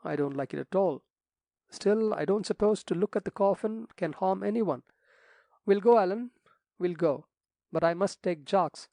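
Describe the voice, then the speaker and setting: A man's voice: sits high, normal speed, vocal fry, warm tone, no echo, studio quality, voice pushed up. A man voicing a fussy, flustered elderly country rector who exclaims and frets. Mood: uneasy.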